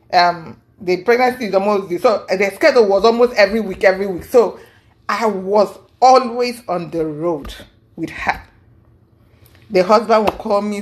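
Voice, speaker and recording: A woman telling a personal story with feeling, repeating herself for emphasis and acting out what people said. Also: mid-range voice. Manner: animated, acts out quoted speech, repeats herself for emphasis. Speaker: guest recounting a personal story. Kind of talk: emotional storytelling.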